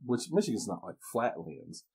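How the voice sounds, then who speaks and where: A man's voice: on the low side, sing-song, creaky, darkish tone, breathy edge. A man hosting a podcast, chatting in a friendly, amused way with his guest. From southern Ohio. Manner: chatty, amused, quick to laugh along. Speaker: podcast host. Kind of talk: casual interview chat.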